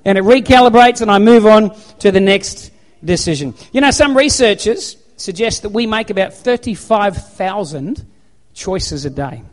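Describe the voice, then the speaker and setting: A man's voice: sits high, animated, moderate pace. A man preaching a sermon into a handheld microphone to an audience, in an emphatic, repetitive exhorting manner. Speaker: pastor.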